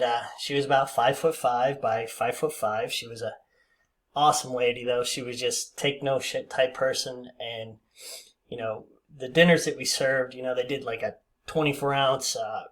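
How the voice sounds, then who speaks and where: A man's voice: mid-range voice, a bit bright. A man in his fifties telling a casual, rambling story with many fillers and restarts. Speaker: vlogger.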